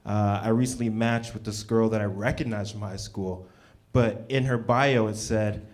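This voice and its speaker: A young man doing a stand-up set at an open mic, with a loose, halting delivery full of ums. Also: fairly low pitch, fairly even intonation, darkish tone. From Canada. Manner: laid-back, halting delivery with many ums. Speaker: stand-up comedian. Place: small comedy venue with a live audience.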